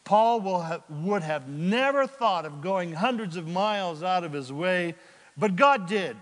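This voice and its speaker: Dramatic high-voiced preacher in a big hall. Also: male voice, animated, unhurried. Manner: dramatic, swings from loud bursts to hushed asides. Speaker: pastor. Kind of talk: sermon.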